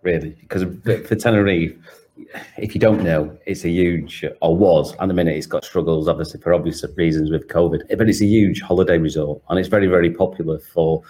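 A man with a Manchester accent and a low, warm voice talks as a guest in an easy, chatty way. He laughs often as he speaks over a remote call. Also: fairly even intonation, fairly quick, slight background noise. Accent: Manchester English. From Manchester, England. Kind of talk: casual conversation.

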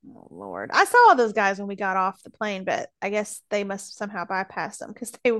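A woman's voice: medium pitch, big pitch swings, a little fast, dry recording. A woman co-hosting a casual chat, telling a story in a chatty way, saying "like" a lot and laughing as she goes. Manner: chatty, lots of "like", laughs while telling stories. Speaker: podcast co-host.

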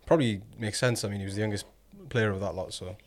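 A man's voice: on the low side, steady tone, a little hiss or hum. A man hosting a casual football podcast, quizzing his co-hosts and drawing out his questions. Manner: quizzing co-hosts, teasing, drawn-out prompts. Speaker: podcast host.

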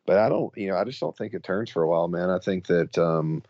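Deep-voiced man, halting talk. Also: no room sound, dull audio. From Mississippi. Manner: halting, full of fillers and restarts. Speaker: podcast co-host. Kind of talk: casual podcast chat.

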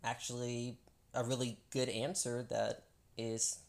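A woman's voice: extremely low pitch, little pitch movement, measured pace, vocal fry, a little mellow. A woman talking candidly in a casual couple's chat, laughing often and restarting her sentences.

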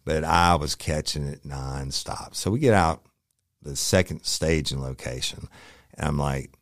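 Very deep-voiced profane storyteller man. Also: unhurried, no room sound, clean studio sound. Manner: profane, rambling, acts out quoted lines. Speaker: police officer telling a war story. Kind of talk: casual spoken storytelling.

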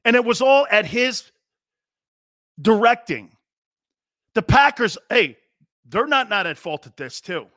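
With a very high-pitched voice, a middle-aged sports radio host rants in an opinionated monologue at a measured pace, leaving long pauses. He is brash, animated and mocking, putting on jeering voices. The recording is dry and clean, studio quality.

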